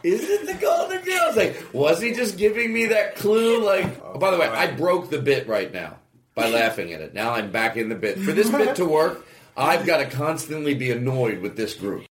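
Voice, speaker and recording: A man's voice: on the high side, expressive, normal speed, reverberant. A man hosting a comedy show with exasperated, ranting banter. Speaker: podcast host.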